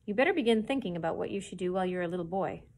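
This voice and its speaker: A woman's voice: on the low side, expressive, very fast, a little mellow, close to an everyday voice. A woman reading aloud and voicing a worried, bossy young girl in a storybook, her lines earnest and scolding. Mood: pleading.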